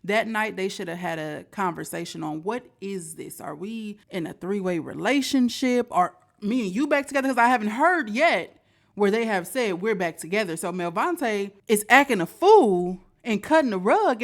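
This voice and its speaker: A woman's voice: medium pitch, lively intonation, normal speed. A woman hosting a reaction show talks casually through her take on a story. She keeps turning to her viewers with questions in an easy, chatty manner. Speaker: reaction host.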